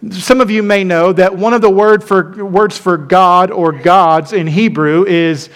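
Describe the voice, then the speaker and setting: A man's voice: sits high, steady tone, a little slow. A male pastor preaching a sermon, stressing points by repeating phrases and calling the congregation to respond.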